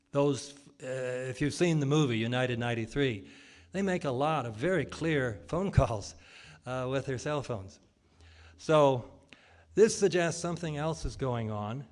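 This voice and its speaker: Man, public lecture, argumentative, rhetorical questions, frequent fillers, mid-range voice. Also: medium pitch.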